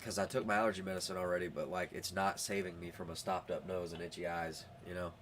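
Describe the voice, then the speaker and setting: A man's voice: low voice, fairly even intonation, quick pace, fairly bright tone, a little hiss or hum. A man hosting a casual live-stream podcast with a stuffed-up nose, talking frankly with his viewers and getting riled easily. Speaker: livestream podcast host.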